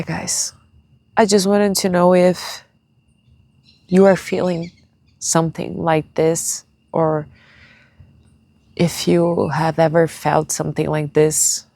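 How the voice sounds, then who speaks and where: A young woman talking to her viewers in a tearful personal vlog, halting and searching for words in English, which is not her first language. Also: low-pitched, darkish tone, no echo. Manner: confiding, speaks straight to viewers. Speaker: vlogger.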